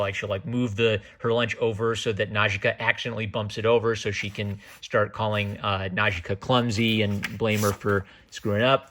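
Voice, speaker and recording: A man reviewing a comic in a casual, chatty way. His voice is bright and forceful, and his delivery is excitable and jokey. He keeps drifting off into side comments. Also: on the low side. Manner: enthusiastic, digressive, jokey. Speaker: manga reviewer.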